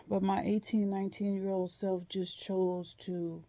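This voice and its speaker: A woman telling a personal story in a slow, hesitant way, with frequent pauses and ums. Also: mid-range voice, little pitch movement, warm tone. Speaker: vlogger.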